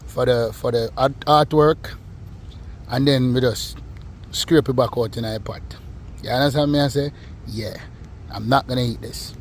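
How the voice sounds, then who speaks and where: A man's voice: a little high, a little hiss or hum. Playful Jamaican man joking in a kitchen. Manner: playful, joking, shouts out to fans. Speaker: co-host, son of the cook. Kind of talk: casual cooking vlog banter.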